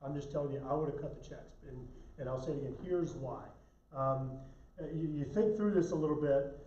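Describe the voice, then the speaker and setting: A man's voice: on the high side, brisk, warm tone, slight background noise. A man, an elected official answering viewer questions in a live-stream Q&A, talking bluntly and emphatically and often restarting his sentences. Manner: blunt, emphatic, self-correcting. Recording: roomy, slightly dull audio.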